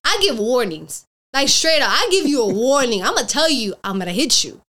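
A young woman with a high, bright voice tells stories on a podcast. She jumps between her own voice and the people she quotes, laughing as she goes. Her pitch leaps all over the place. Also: a little fast. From Cuban family background. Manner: animated storyteller, acting out quotes, laughing often. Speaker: podcast guest. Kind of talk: casual chat.

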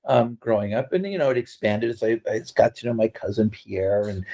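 A man's voice: lowish voice, a little fast, vocal fry, dark tone, low-quality recording. Rambling man telling family stories. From California. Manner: rambling with many fillers and restarts, laughing at his own stories. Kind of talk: casual storytelling.

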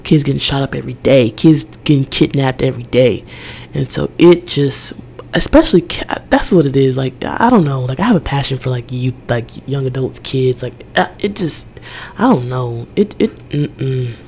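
Young woman, podcast host, casual monologue, gravelly creaky voice, rambling, emotional, lots of "like". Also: rumbling low, expressive, moderate pace, warm tone, a little hiss or hum. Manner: emotional, rambling, heavy use of "like".

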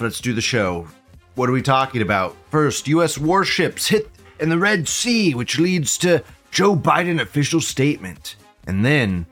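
An American man hosting a casual commentary show, crude and sarcastic, swearing and jumping between mumbled asides and loud outbursts. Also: medium pitch. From United States. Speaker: show host.

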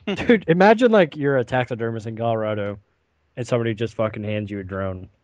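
A man co-hosting a casual podcast, animated and swearing as he talks. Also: medium pitch, fast, no room sound, highs cut off. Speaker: podcast co-host.

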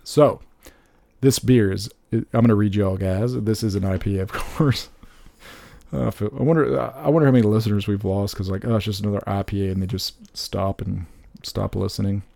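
A low, gravelly man's voice with a dark, mellow tone, joking and laughing as he co-hosts a relaxed podcast chat. The sound is dry and close, with no room echo. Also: normal speed. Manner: animated, joking, laughs often. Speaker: podcast co-host. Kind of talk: casual chat.

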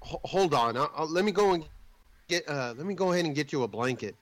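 A man doing a calm, reassuring young man. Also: on the high side, quick pace, no echo, natural voice, poor audio.

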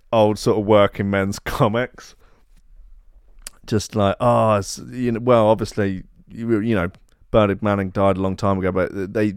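Sweary man ranting, smooth voice. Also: lowish voice, no room sound, clean studio sound. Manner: sweary, exasperated, sarcastic. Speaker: podcast host. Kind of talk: ranting comedy podcast monologue.

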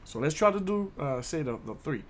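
An upbeat, chatty man from Haiti teaching a casual video language lesson, repeating each word slowly. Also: fairly high pitch, sing-song.

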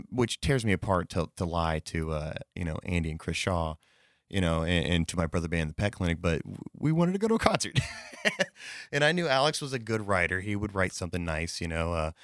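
A man's voice: low voice, dry recording, studio quality. A man telling a casual anecdote in a rambling way, with fillers, swearing and self-corrections. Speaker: storyteller.

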